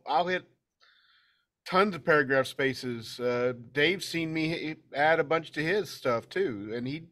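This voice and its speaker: Man, higher voice, editor, casual panel talk, relaxed with restarts. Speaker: editor and writer.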